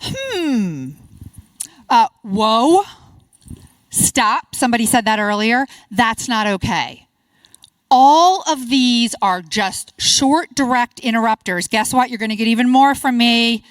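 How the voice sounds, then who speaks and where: A middle-aged woman presenting at a conference workshop, upbeat and encouraging, quick to praise the audience's answers. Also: fairly high pitch, animated, no echo. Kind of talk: interactive workshop talk.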